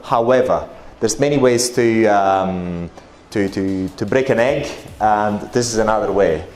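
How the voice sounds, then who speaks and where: A man's voice: lowish voice, measured pace, darkish tone. A man with an Italian accent giving a chatty, joking presentation at a conference, with many fillers and restarts. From Italy. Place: conference hall.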